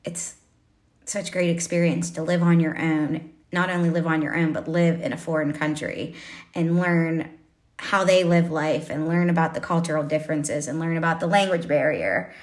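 A woman's voice: deep voice, steady tone, moderate pace. A young woman hosting a casual chat with her father, chatty and affirming. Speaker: host, interviewing her father.

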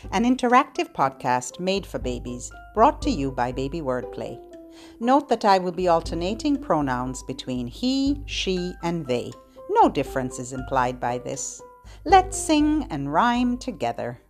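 A woman who is a children's librarian, hosting a podcast and giving gentle, instructive tips to parents in scripted narration. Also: low-pitched, very animated, measured pace, soft background music.

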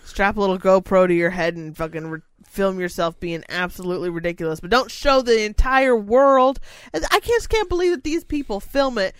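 A woman's voice: medium pitch, smooth, no room sound. A woman co-hosting a casual podcast, ranting with lots of swearing and exasperation. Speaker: podcast co-host. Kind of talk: casual chat.

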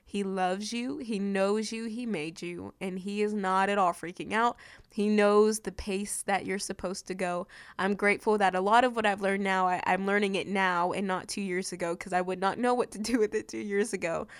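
A woman's voice: medium pitch, steady tone, moderate pace, clean tone, dry recording. Earnest woman podcaster, very dry sound. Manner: earnest, encouraging, heartfelt. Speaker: podcast host. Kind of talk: faith-based podcast monologue. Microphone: studio microphone.

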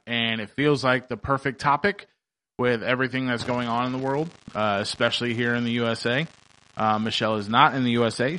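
A man's voice: medium pitch, sharp tone. A man hosting a faith podcast, chatting casually in an upbeat, rambling way with many fillers and restarts. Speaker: podcast host.

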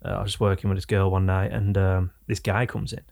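Gravelly-voiced man from Oldham. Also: sits low, flat delivery, a little fast, a little mellow. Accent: Oldham, northern English. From England. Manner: rambling anecdotes, self-correcting. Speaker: podcast co-host. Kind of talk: casual chat.

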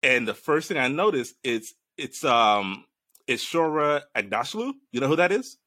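Man, casual podcast storyteller, lively and bright, swears a lot, dry close mic. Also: medium pitch, moderate pace, no echo. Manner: animated storyteller, swears freely, laughs often. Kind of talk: casual chat, recounting a dream.

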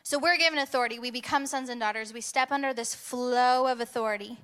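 A young woman preaching a sermon, telling a personal story in an animated way and rising to bursts of intensity. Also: a little high, quick pace, clear, resonant tone.

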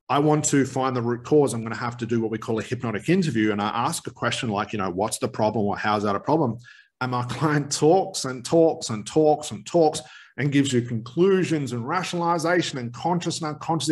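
A man who trains hypnotherapists, explaining technique in an energetic teaching video and acting out quick interruptions of a client. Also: medium pitch.

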